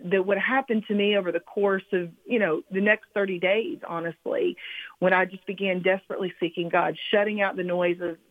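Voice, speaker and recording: A woman author giving a reflective, halting personal testimony as a guest on a radio interview. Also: mid-range voice, steady tone, no room sound. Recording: phone line, dry.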